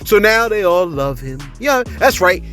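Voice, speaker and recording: A man doing casual, comedic celebrity gossip commentary, rambling and animated, with faint music behind. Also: high-pitched, measured pace. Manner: animated, rambling, keeps saying "you know what I'm saying".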